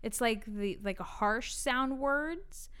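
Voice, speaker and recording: Young woman podcast cohost, higher voice, giggles a lot, rambles and trails off. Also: takes it slowly, a bit bright, clear, resonant tone. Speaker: podcast co-host. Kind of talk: casual chat.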